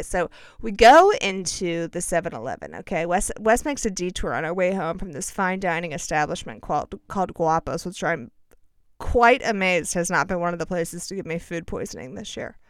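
A woman's voice: fairly low pitch, lively intonation, normal speed, smooth, no room sound, studio quality. A woman telling a personal story in a casual, chatty way, full of self-mocking and dramatic asides.

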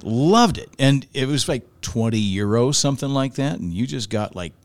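A man's voice: mid-range voice, expressive, normal speed, dry recording. A man talking as a podcast guest, chatty and laughing often. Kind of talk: casual chat.

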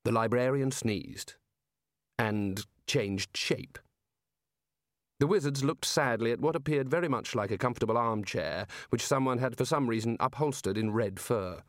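A man narrating an audiobook in an expressive reading voice. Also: mid-range voice, normal speed, dry recording, studio quality. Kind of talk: scripted narration.

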